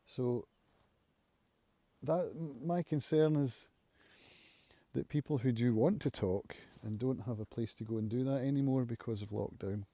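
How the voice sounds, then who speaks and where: A channel host who is a recovering alcoholic muses aloud in a casual live-stream monologue, thinking reflectively with pauses. His voice is mellow and medium-pitched, and the recording is dry.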